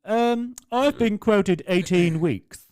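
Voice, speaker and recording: A man putting on the high, quavery voice of a fussy, demanding old woman customer. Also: a crowd in the background, lightly acted. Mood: prim. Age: older. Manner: slow, prim and insistent.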